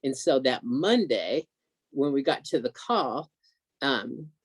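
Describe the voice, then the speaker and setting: A man telling an excited, emotional story as a guest on a video call, acting out what others said. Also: medium pitch, slow pace, slightly rough, no echo. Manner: excited, emotional storyteller who acts out quotes.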